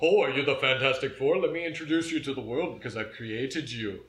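A man putting on the voice of a menacing male comic-book villain, with loud, mock-grand threats. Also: medium pitch, fairly quick, natural voice. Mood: gloating. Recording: echoey room.

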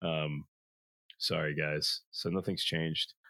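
A hoarse young man co-hosting a podcast, chatting casually with rambling asides and jokes. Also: on the low side, expressive, normal speed, a bit bright, no echo, studio quality. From Philadelphia area. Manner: rambling, filler-heavy, joking. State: hoarse after illness. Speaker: podcast co-host. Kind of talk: casual chat.

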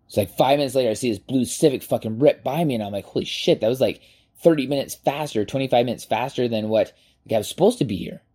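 A man in his forties, a podcast host, telling a personal story in a casual, animated way and swearing freely. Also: mid-range voice, fast talker, slightly rough. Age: 40s.

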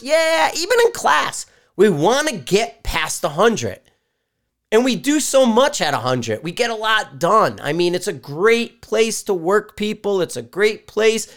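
A man hosting a podcast, talking in a casual, rambling monologue full of swearing and animated storytelling. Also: high-pitched. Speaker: podcast host. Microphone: live stream mic.

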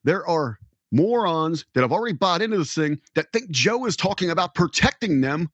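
An indignant man co-hosting a political podcast who lectures and often restarts his sentences. His voice sits a bit high and sounds husky. The recording is close and dry. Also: lively intonation, moderate pace, fairly bright tone, dry recording. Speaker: podcast co-host. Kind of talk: heated political talk.

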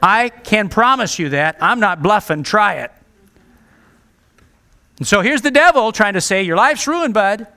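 A man's voice: high-pitched, big pitch swings, measured pace, long pauses, pushed and bright, clear, resonant tone. A male pastor preaching a sermon, earnest and direct, pleading with his listeners.

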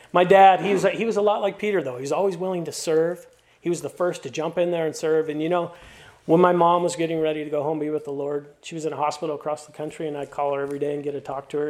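A man's voice: a little high, a little mellow. A middle-aged male pastor preaching a sermon, mixing stories told with playful asides and earnest encouragement.

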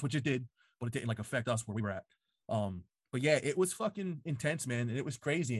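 A man's voice: mid-range voice, no room sound. Swearing man telling a story, dry close sound. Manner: profane storytelling full of "like" fillers. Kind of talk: casual chat. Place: home basement.

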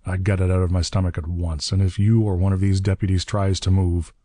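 A man's voice: low voice, level tone, brisk, dark tone, no echo. A man voicing a hard, cold-nerved hero who snarls threats, then turns coldly polite. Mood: harsh.

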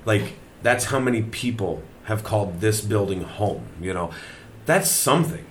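A man's voice: lowish voice, lively intonation, normal speed, a little hiss or hum. A man hosting a podcast in casual chat, laid-back and swearing freely, recorded in an old manor house. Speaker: podcast host.

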